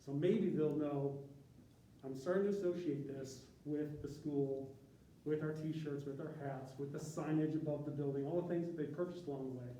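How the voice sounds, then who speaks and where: A man's voice: fairly high pitch, moderate pace, dark tone, slight background noise. A man who works as a graphic designer, giving an informal presentation to a group in a conversational, rambling way with tangents and restarts. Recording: echoey room from a distance, faint ambience.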